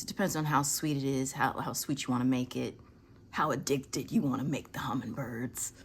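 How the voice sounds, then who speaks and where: A woman chatting casually on her patio as she films hummingbirds. She speaks softly and often drops to a whisper, then breaks into excited bursts. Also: extremely low pitch, moderate pace, husky. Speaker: vlogger. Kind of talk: casual chat, filming birds on her patio. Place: outdoor patio.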